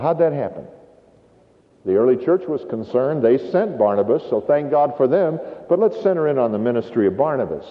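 A man preaching a sermon as pastor, emphatic and animated, telling stories to make his point. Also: mid-range voice. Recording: tinny, phone-like, hall reverb.

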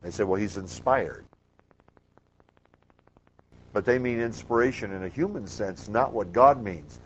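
Emphatic Bible teacher, muffled recording. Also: male voice, medium pitch, a little fast, slight background noise. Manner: emphatic, asks the class questions. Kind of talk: classroom Bible lecture.

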